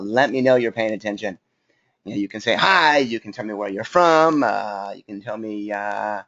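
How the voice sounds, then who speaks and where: A man's voice: mid-range voice, fairly bright tone. Casual male webinar host, mid-range voice, filler-heavy and friendly with viewers, dull lo-fi computer mic. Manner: chatty, greets viewers, many fillers. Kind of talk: casual live webinar talk. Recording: slightly dull lo-fi audio.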